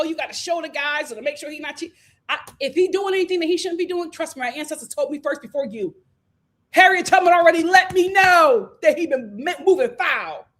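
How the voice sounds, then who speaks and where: A high-voiced woman with riffs on reality TV gossip. Her delivery is sassy and animated, jumping from loud outbursts to quiet, drawn-out asides. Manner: animated, sassy, swinging between shouts and low asides. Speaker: commentary channel host. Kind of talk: casual reality-show commentary.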